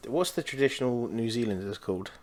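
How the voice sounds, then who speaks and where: Relaxed British man, offhand podcast chat. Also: mid-range voice, fast. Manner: relaxed, offhand, swears casually. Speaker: podcast co-host. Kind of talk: casual chat.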